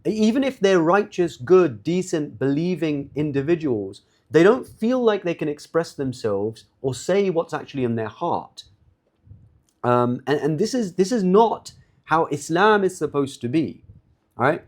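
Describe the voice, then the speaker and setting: A man's voice: a little high, lively intonation, a little slow. A man giving an informal religious lecture, speaking conversationally, often repeating and restarting words as he talks straight to his listeners.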